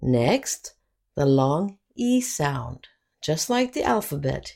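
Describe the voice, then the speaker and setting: Very slow, low-voiced woman teaching. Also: very animated, mellow. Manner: drawn-out, clearly enunciated example words. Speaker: English teacher. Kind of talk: slow phonics lesson.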